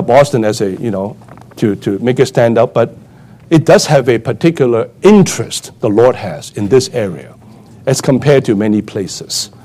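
A man preaching a sermon with conversational asides, full of fillers and restarts, then building to urgent, impassioned exhortation. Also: a little mellow. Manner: impassioned, rising to urgent high-pitched exhortation.

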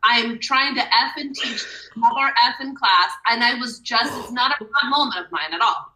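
A woman's voice: fairly high pitch, normal speed, bright, forceful tone, low-quality recording. A woman, a teacher and mother, telling a self-deprecating story in casual chat on a video call. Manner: self-deprecating, laughs while telling stories.

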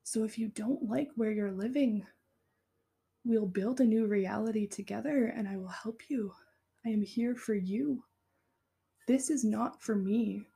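Woman, twenties, podcast host, gravelly fry, warm mellow tone, impassioned, swears a lot, soft slow whispers. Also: medium pitch. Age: 20s. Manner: impassioned and encouraging, swears freely; drops to a soft, slow whisper for tender asides. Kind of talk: casual solo podcast monologue.

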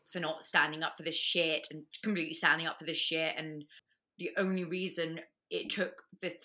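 A woman, a guest on a casual chat podcast, talking bluntly and swearing freely with lots of quick restarts. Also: low-pitched, pushed and bright.

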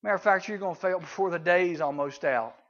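A man voicing a calm male teacher who gives a firm, quiet warning, on a dull lo-fi recording. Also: high-pitched, quick pace.

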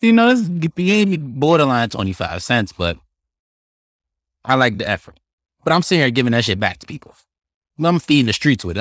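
A young man hosting a casual solo podcast, telling stories in an animated, profane, slang-heavy way. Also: medium pitch, fairly quick, pauses often, dry recording, clean studio sound. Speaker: podcast host.

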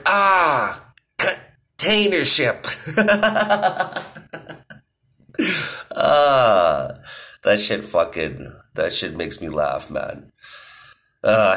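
This podcast host, a man in his thirties, has a lowish, fairly bright voice. He rambles through a casual monologue, swearing constantly and laughing at his own stories.

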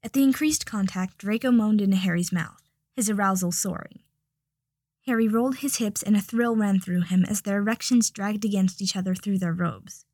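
A woman narrating a romance story aloud in an even, soft manner. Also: medium pitch, normal speed, dry recording, clean studio sound. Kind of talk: audiobook reading.

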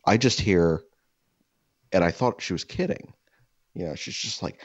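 A man's voice: low-pitched, lively intonation, a little slow, no room sound. A man casually telling a long anecdote, full of "like" fillers, slipping into voices when he quotes people. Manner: rambling, heavy "like" fillers. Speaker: storyteller. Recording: dull, lo-fi dry sound.

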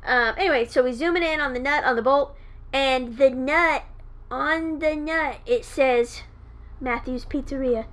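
A woman's voice: high voice, unhurried, fairly bright tone. A woman co-hosting a podcast in casual chat, rambling and swearing playfully, with hiccups. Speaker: podcast co-host.

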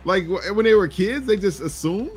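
A man co-hosting a casual podcast chat, excitable and teasing, full of slang. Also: sits high, normal speed, husky, soft background music. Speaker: podcast co-host.

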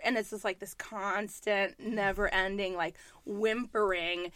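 A woman in her thirties from New York, telling a story in casual chat, tense and quick to swear as she acts out the people in it. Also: mid-range voice, fairly even intonation, fairly bright tone, a little hiss or hum.

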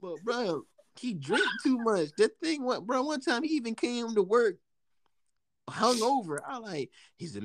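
A man's voice: high voice, moderate pace, dry recording. Young man telling a profane story. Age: young adult. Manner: animated, profane, laughing storytelling with acted quotes. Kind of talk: casual chat.

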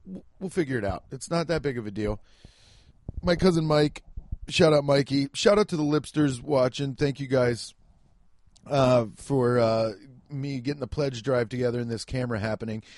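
A man's voice: medium pitch, normal speed, pauses often, a little mellow, no room sound, clean studio sound. A man who is a stand-up comedian, chatting casually and self-deprecatingly on his podcast from home. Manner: rambling, jokey, self-deprecating.

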